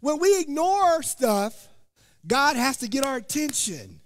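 High lively preacher guy joking with his church, big reverb-y hall. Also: unhurried. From Indiana. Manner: animated, joking, calls out to the congregation. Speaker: pastor. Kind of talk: sermon. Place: church sanctuary.

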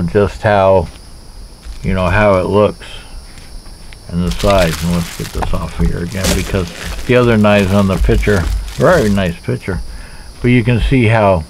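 A man's voice: fairly low pitch, a little hiss or hum, poor audio. A man casually reviewing knives in a rambling, joking way, talking to himself as he handles them outdoors. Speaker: knife reviewer. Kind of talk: casual knife review vlog. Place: outdoors in a backyard.

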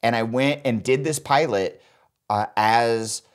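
A man in his thirties tells a comic story in relaxed chat, voice at a middling pitch. He keeps jumping into the voices of the people in his tale with animated energy. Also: slow pace. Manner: animated, acts out quoted voices. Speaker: podcast co-host.

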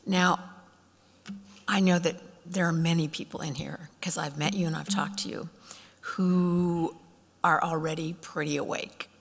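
Woman giving a lively keynote in a reverberant hall. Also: low-pitched, unhurried, creaky. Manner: animated, acts out quoted voices. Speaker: keynote speaker. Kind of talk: storytelling keynote speech. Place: conference hall.

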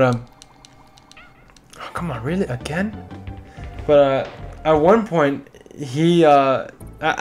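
A tired young man rambling through casual gameplay commentary, with lots of "like" and side stories. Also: mid-range voice. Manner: rambling, chatty, frequent "like". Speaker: let's play gamer.

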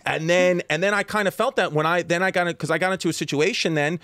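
A man in his thirties with a New York accent, telling stories rapidly in a profane, animated way. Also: on the high side, no echo. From Staten Island, New York. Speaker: comedian guest. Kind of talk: casual storytelling chat.

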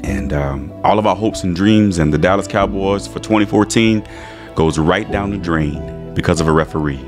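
Stammering, animated male sports vlogger. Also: sits low, moderate pace, music in the background. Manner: animated, stammering restarts, dramatic retelling. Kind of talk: emotional fan monologue.

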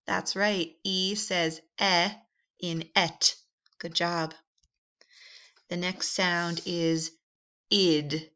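Woman, phonics teacher, encouraging, slow, low-ish voice, dull lo-fi recording. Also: flat delivery, sharp tone. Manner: patient, encouraging, stretched-out vowel sounds. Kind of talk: slow, deliberate phonics drill. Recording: slightly dull, lo-fi sound.

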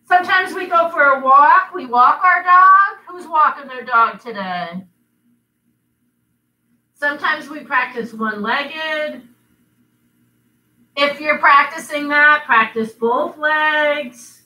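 Slow and patient, a woman teaching kids' yoga leads children through poses in a high, bright voice, playfully teasing with goofy animal sounds. Her voice comes from far away in an echoey room, and a little hiss or hum sits under the recording.

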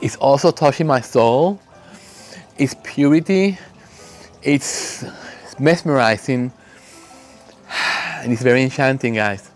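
A man making candles, talking in an emotional, heartfelt way and slowly reading out fragrance notes. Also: medium pitch, soft background music. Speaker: candle maker. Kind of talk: casual vlog talk.

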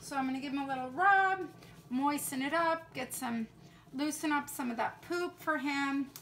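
A middle-aged woman dog trainer with a high, bright voice walks through a grooming demonstration at an indoor sink. She keeps her tone calm and reassuring, and a faint room hiss sits behind her. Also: normal speed. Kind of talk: how-to demonstration.

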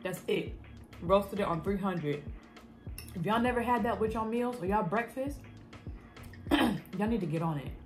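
A woman with a Black way of talking chats through a food vlog, animated and laughing often. Her voice sits at an everyday middle pitch, and faint music plays behind her. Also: a little slow, long pauses. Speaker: food vlogger. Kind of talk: casual cooking vlog chat.

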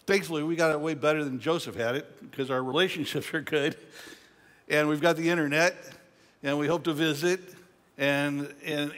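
A man's voice: on the high side, a bit bright. An older man preaching a sermon as pastor, reading scripture and then retelling it in a conversational way with playful asides. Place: church sanctuary. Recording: long church hall reverb.

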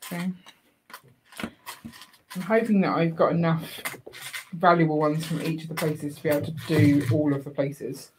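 A woman's voice: low-pitched, fairly even intonation, normal speed, long pauses. A woman in her thirties, co-hosting a live building stream in a casual, teasing, slightly tired chat. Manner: chatty, teasing, a bit tired and yawning. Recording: loud clicking and clattering noise.

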